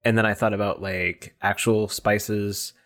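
Casting note: man with a lowish voice, rambling self-mocking comic chat. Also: level tone, a little slow, a bit bright. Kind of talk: casual comedy chat.

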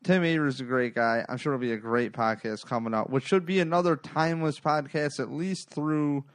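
A man's voice: mid-range voice, brisk, no room sound. New guy hosting a podcast, rambling and swearing a lot, dry close sound. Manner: rambling, profane, animated storytelling. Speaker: podcast host. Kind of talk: casual sports podcast chat.

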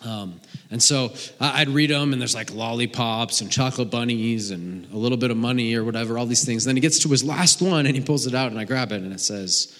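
A man in his thirties preaching a sermon, earnest, swinging between emphatic stretches and hushed ones, often repeating a word as he restarts. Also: mid-range voice, fairly quick. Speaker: pastor. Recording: long reverb of a large hall.

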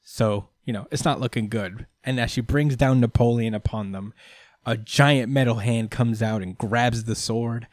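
A man hosting a casual recap chat, animated, swearing freely and laughing often as he tells the story. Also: mid-range voice, moderate pace, no echo. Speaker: host.

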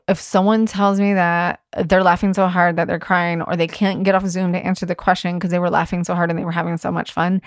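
A woman's voice: fairly low pitch, no echo, clean studio sound. A woman in her thirties or forties hosting a podcast as a stylist, talking casually and frankly, swearing freely and laughing often. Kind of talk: casual solo podcast talk.

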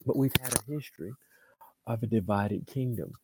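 A man preaching a sermon, moving between booming, drawn-out proclamations and quiet conversational asides, often repeating words and restarting. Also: noisy background.

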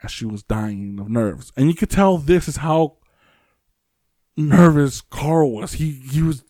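A man's voice: on the high side, a little slow, dark tone, dry recording, studio quality. A man hosting a podcast, telling a story in casual chat, rambling with many fillers and restarts. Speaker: podcast host.

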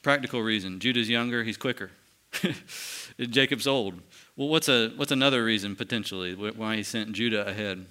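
A man teaching scripture to a small group, his voice bright and cleanly focused. He talks conversationally, stopping to quiz the listeners and warmly confirming their replies. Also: fairly low pitch, normal speed, smooth. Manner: asks the group questions and affirms answers; conversational with restarts. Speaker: pastor teaching a Bible study. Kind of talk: interactive Bible teaching.

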